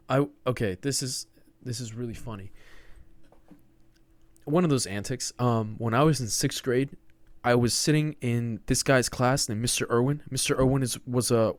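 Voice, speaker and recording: A man's voice: mid-range voice, dry recording. A man in his twenties hosting a podcast alone, rambling and joking about himself and often saying "dude.". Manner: rambling, joking, self-mocking, says dude a lot. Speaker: podcast host. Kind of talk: casual solo monologue.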